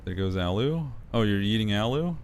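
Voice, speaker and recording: A man's voice: on the low side, animated, moderate pace, faint music behind. A man chatting casually and playfully on a live stream, laughing often.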